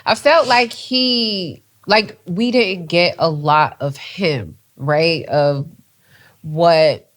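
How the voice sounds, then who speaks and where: A woman's voice: on the low side, drawn-out words. A woman co-hosting a podcast, chatting casually and telling stories with lots of "like" and some swearing. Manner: animated storytelling, swearing, lots of "like" and "child". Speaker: podcast co-host. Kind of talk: casual chat.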